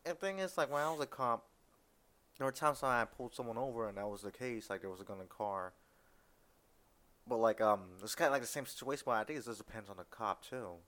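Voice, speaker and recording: A man hosting a casual podcast interview, talking quickly and loosely with lots of fillers. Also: medium pitch, animated, a bit bright. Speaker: podcast host.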